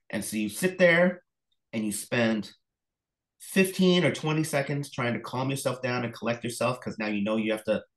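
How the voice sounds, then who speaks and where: A middle-aged man, an author and illustrator, talking as an interview guest, telling lively stories full of fillers and acted-out phone calls. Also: mid-range voice, low-quality recording. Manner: animated storyteller, acts out phone calls, many fillers. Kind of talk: casual interview conversation.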